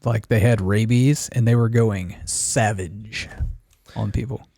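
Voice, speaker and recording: A man co-hosting a casual podcast chat, laughing and throwing in quick quips. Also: fairly low pitch, steady tone, gravelly, mellow, dry recording, clean studio sound. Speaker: podcast co-host.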